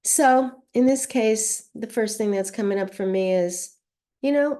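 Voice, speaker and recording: A woman's voice: a little high, unhurried. A middle-aged woman coaching tapping, explaining the steps and acting out her feelings as she demonstrates. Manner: expressive, acts out emotions while teaching. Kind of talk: instructional demonstration.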